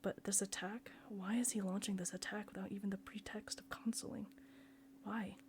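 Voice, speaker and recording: A woman reading a novel aloud in a soft, often near-whispered way. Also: mid-range voice, steady tone, normal speed, slight background noise. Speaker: reader.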